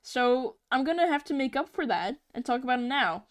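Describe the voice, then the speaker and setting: A woman's voice: sits high, animated, brisk, dry recording, clean studio sound. A young woman live-streaming as she draws, chatting casually in a giggly, rambling, playfully exasperated way. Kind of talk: casual live-stream chat while drawing.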